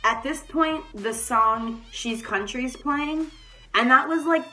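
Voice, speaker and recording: A young adult woman telling a story in a casual vlog, animated and swearing freely. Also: high-pitched, takes it slowly. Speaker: vlogger.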